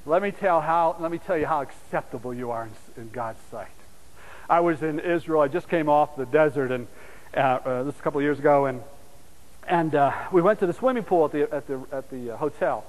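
A man preaching a sermon and telling stories, his voice swinging from loud, urgent calls to hushed, soft asides. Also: fairly high pitch, a little fast, in a large hall, low-quality recording.

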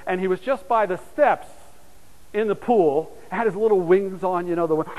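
A man preaching a sermon and telling stories, his voice swinging from loud, urgent calls to hushed, soft asides. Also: high-pitched, moderate pace, big-room sound, slight background noise, rough recording.

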